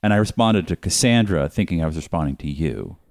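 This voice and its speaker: Cranky, very deep-voiced podcast co-host. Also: male voice, animated, fast talker, gravelly, darkish tone, no room sound, studio quality. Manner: cranky, ranting complaints. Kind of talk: casual podcast chat.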